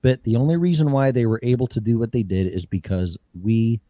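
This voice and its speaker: A man's voice: mid-range voice, lively intonation, brisk, dark tone, dry recording. A man hosting a political talk show, ranting heatedly with profanity and mocking impressions. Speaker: show host.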